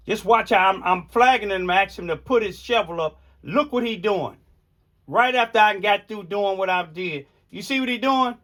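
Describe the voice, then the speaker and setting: A man's voice: fairly high pitch, a bit bright, no echo. An older man, hosting an angry livestream rant, indignant and preaching, repeatedly asking if listeners see what he means. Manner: indignant, repetitive, preaching, keeps asking "you see what I'm saying". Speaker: livestream host.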